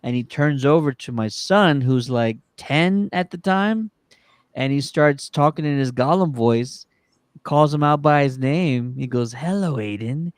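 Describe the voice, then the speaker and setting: A man's voice: fairly high pitch, a little slow, clean tone, no room sound. A man hosting a podcast in casual chat, upbeat and promotional, with frequent restarts. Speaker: podcast host.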